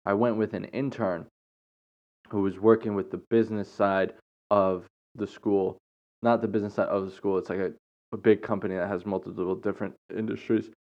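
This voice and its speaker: A man with a fairly low voice hosts his own podcast, telling a story off the cuff. He rambles, restarts his sentences and chuckles between thoughts, and the recording sounds dull and lo-fi. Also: fairly even intonation, fairly quick, darkish tone. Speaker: podcast host. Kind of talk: casual storytelling monologue.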